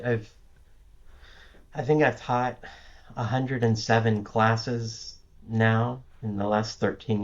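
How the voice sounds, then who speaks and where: A man's voice: fairly low pitch, creaky. A man speaking as a guest in a casual interview, rambling with many restarts and fillers. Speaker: guest cybersecurity architect. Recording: lo-fi remote audio.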